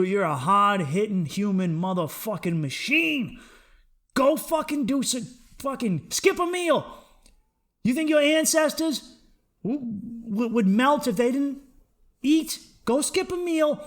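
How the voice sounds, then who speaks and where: A young man talks into a podcast mic in a high voice, cursing freely. He jumps between loud, fired-up pep talk and low, muttered asides. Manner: profane, excitable, swings between loud and low. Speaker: podcast host. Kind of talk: solo podcast rant.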